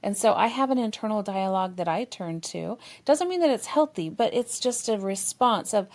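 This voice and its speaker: A woman's voice: mid-range voice, normal speed, few pauses. A woman therapist, a guest on a podcast, explaining expressively and sometimes acting out what partners think. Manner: expressive, explanatory, acts out partners' inner voices. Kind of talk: conversational podcast discussion.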